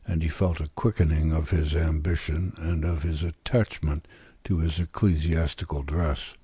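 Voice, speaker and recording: A man narrating a classic novel as an audiobook, reading in a measured, deliberate way. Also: extremely low pitch, fairly even intonation, dark tone, breathy edge, dry recording.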